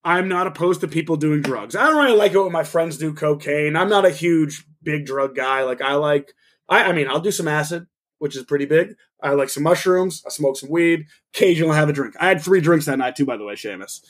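This young man's voice sits on the high side and moves fairly quickly. Co-hosting a podcast, he recounts a story casually and profanely, animatedly performing people's lines.

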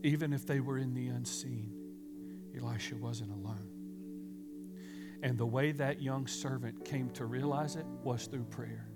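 A man preaching a sermon, retelling a story with dramatic swings from hushed, near-whispered lines to loud, fervent passages. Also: mid-range voice, fairly even intonation, moderate pace, hardly any pauses. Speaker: pastor. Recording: music playing underneath.

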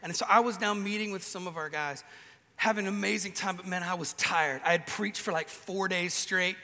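A man's voice: high-pitched, steady tone, a little fast, sharp tone, big-room sound. A man preaching a casual, joking sermon, telling stories with many restarts, in a large event venue.

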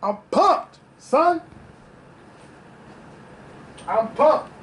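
A young man hosting a casual solo podcast, talking in an excited, profane and repetitive way, full of street slang. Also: extremely high pitch, extremely slow, rough recording. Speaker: podcast host.

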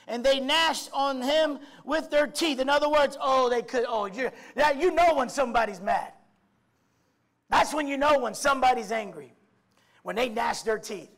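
A man preaching a sermon, swinging from quiet musing to loud shouts, with many stammered restarts and repeated "I mean". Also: very high-pitched, moderate pace.

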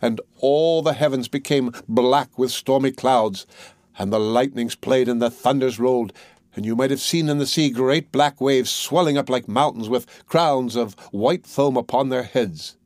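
A man narrates a classic fairy tale in a measured, clear storybook reading. His voice sits at a middle pitch and the recording is dry and close, with no room sound. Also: darkish tone, no echo. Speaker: audiobook narrator.

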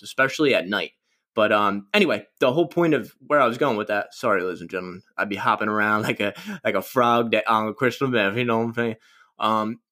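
A young man with a lowish, sharp-toned voice hosts a casual solo podcast. He rambles through stories, cracking crude jokes at his own expense.

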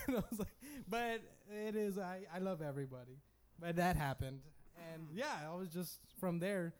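A young man with a notably high voice, chatting casually as a podcast co-host. He tells his stories with animation, slipping into impressions of the people in them. He grew up in West Texas. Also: moderate pace. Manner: animated storyteller, mimics voices. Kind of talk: casual chat.

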